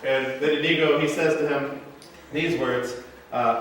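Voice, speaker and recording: Animated pastor in an echoey sanctuary. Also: male voice, on the high side, measured pace, slight background noise. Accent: Midwestern American. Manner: animated storytelling, acting out movie quotes. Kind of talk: sermon. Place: church sanctuary. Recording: echoey church sanctuary, mic at a distance.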